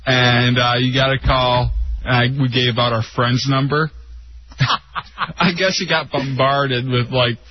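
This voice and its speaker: A man co-hosting a casual radio talk show, telling relaxed, amused anecdotes. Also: mid-range voice, slow, highs cut off, slight background noise. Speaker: radio co-host.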